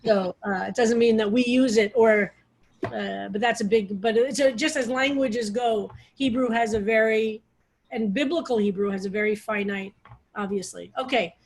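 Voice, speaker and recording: A woman's voice: a little high, normal speed, slight background noise. A woman rabbi teaching a study group on a video call, explaining in a loose, digressive way with frequent restarts. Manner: digressive, restarts often, talks over her own phrasing.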